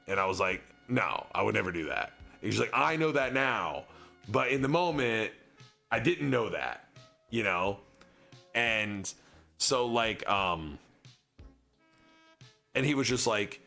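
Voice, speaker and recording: A man's voice: on the low side, bright, forceful tone. Rambling young man telling a story. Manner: rambling, heavy on fillers and reenacted dialogue. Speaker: streamer. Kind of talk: casual storytelling on stream.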